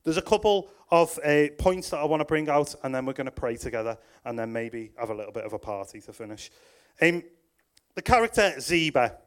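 A man's voice: fairly high pitch, a little fast. A young man preaching a sermon, reading scripture and telling the story with jokey asides and acted-out voices. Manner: lively, acts out quoted voices with jokey asides.

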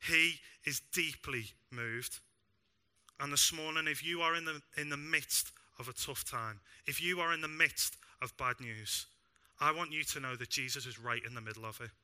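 A young man preaching a sermon in a church, animated and self-deprecating with bits of humor. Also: a little high, normal speed, clean tone. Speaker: pastor.

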